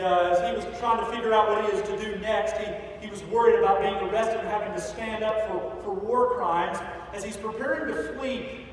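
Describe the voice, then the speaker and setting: A male pastor giving a sermon in a large church sanctuary, telling a story and building to loud, emphatic peaks. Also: high voice. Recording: echoey hall from far off, faint noise.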